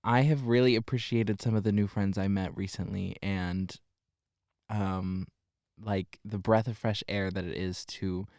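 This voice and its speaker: A man in his twenties, a seminarian co-hosting a podcast, talking in a relaxed, reflective and affirming way. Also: lowish voice, measured pace, no room sound, clean studio sound. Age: 20s. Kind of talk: casual podcast chat.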